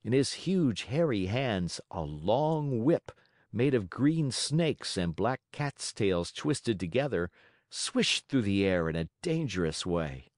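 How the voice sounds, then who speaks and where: Male audiobook narrator, low and animated, expressive storytelling, dry close-mic sound. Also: slow, no echo. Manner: expressive storytelling with voiced characters. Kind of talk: scripted narration.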